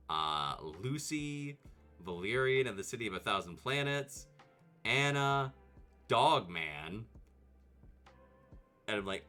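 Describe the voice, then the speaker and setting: Animated low-voiced vtuber man. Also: clear, resonant tone. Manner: rambling and animated, laughing, jumping into high mock voices. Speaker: vtuber host. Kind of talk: casual video commentary.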